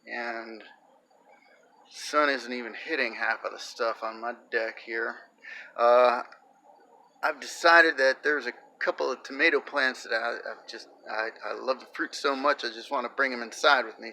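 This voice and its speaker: Bright-voiced man rambling about his garden. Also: medium pitch. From New Jersey. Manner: rambling, halting, with many fillers and restarts. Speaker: home gardener. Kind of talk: casual gardening vlog. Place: outdoors on a small home deck.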